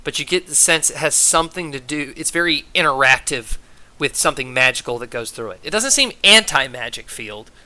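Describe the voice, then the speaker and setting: Male GM, sharp bright voice, casual rambling narration. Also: on the high side, lively intonation, fairly quick. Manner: loose, filler-heavy scene description. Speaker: game master. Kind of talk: narrating a tabletop game.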